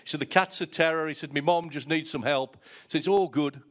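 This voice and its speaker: Middle-aged male pastor, preaching in a storytelling manner, voice sits a little high. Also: a little fast, fairly bright tone. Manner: storytelling, repeats words when starting a thought. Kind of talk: sermon.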